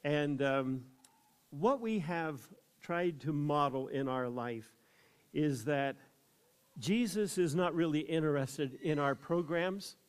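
A man's voice: on the high side, clean tone. An older man with an American accent, a pastor preaching a sermon. He tells his story unhurriedly, then builds into emphatic preaching.

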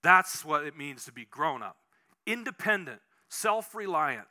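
A man preaching a conversational sermon as pastor, animated and telling personal stories, often restarting his sentences. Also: a little high, moderate pace.

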